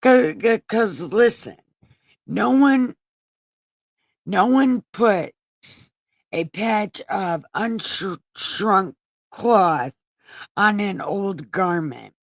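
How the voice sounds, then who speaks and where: A woman's voice: mid-range voice, lively intonation, extremely slow, pauses often, dry recording. A woman hosting a show, retelling Bible stories in a casual, irreverent way with profane, sarcastic asides. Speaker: host reading scripture.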